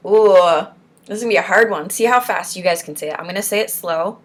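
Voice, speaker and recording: A woman's voice: fairly low pitch, fairly quick. A young woman leading a casual support-group lesson, drilling syllables and tongue twisters aloud with chuckles between rounds. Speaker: support group speech coach. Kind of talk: casual spoken exercise lesson.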